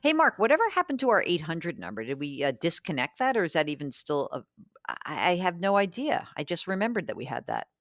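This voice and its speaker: A woman's voice: on the low side, sing-song, a little fast, no echo, studio quality. A woman hosting a radio call-in show about money, chatty and thinking aloud as she answers listener questions.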